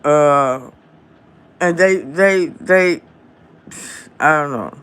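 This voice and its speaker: A man goes live from home on his phone and rants in a casual, profane way. His voice sits a little high and bright, and he draws his words out slowly. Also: smooth. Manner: heated, profanity-laden, drawn-out phrasing. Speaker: livestream host.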